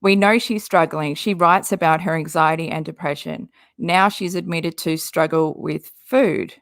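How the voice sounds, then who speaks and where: A woman's voice: deep voice, moderate pace, dry recording, clean studio sound. A woman doing casual commentary, reading social media posts aloud with an exasperated, rambling manner and frequent swearing. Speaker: commentary YouTuber.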